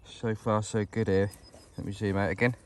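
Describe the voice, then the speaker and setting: A man's voice: fairly low pitch, level tone, moderate pace, darkish tone. A British man vlogging outdoors in a field as he goes metal detecting. He talks to his viewers in a chatty, upbeat way and calls them ladies and gents. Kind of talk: casual outdoor walk-and-talk vlog.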